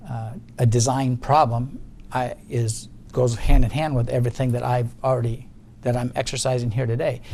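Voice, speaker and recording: A man's voice: mid-range voice, creaky, warm tone, a little hiss or hum. A middle-aged man giving deposition testimony, guarded and insistent, often restarting his sentences. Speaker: witness in a legal deposition.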